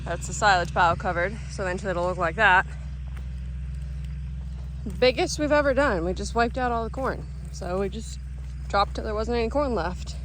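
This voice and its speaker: A woman's voice: mid-range voice, animated, normal speed, long pauses, fairly bright tone, low-quality recording. Chatty young woman farmer vlogging outdoors. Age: 20s. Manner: chatty, upbeat, self-mocking asides. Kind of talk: casual vlog narration. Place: outdoors on a farm. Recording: outdoor recording with clear background noise.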